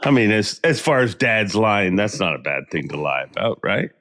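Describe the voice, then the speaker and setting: A man's voice: on the low side, big pitch swings, moderate pace, a bit bright. A man hosting a casual podcast chat, joking and rambling with lots of restarts. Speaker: podcast host and tournament emcee.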